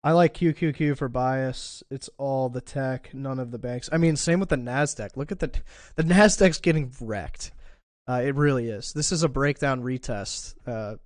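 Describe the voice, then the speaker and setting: A man's voice: medium pitch, moderate pace, dry recording. A man streaming live market analysis, thinking aloud in a casual way with fillers and restarts, and a bout of hiccups. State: has the hiccups. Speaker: crypto trading streamer.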